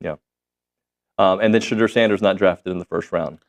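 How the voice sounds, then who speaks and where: A man's voice: low voice, normal speed, vocal fry. A man hosting a sports talk show, chatting casually, steering segments and teasing his guest. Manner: conversational, leads segments and teases guest. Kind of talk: casual sports radio chat.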